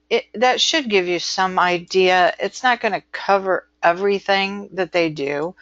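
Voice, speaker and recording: A woman's voice: medium pitch, a bit bright, no room sound, muffled recording. A middle-aged woman teaching a transcription class, talking casually and rambling, with frequent ums and asides. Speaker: transcription instructor. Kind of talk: casual webinar lecture.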